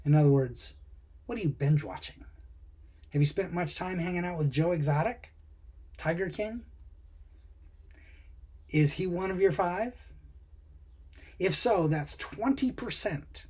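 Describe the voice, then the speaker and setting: A man's voice: sits high, measured pace, long pauses, darkish tone, breathy edge. A man who coaches people on finding their purpose, talking casually and conversationally to the camera and asking the viewer questions. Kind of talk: casual motivational talk to camera.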